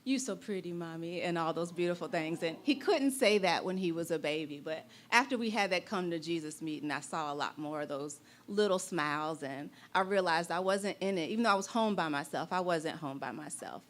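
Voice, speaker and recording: A woman, telling a personal story on stage and acting out voices with big jumps in pitch. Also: lively intonation, brisk, few pauses, slight background noise. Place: bar stage before a live audience.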